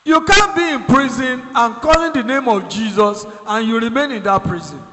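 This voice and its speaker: A man preaching a fervent sermon, building to loud exhortation. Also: high voice. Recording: echoey hall, loud background noise.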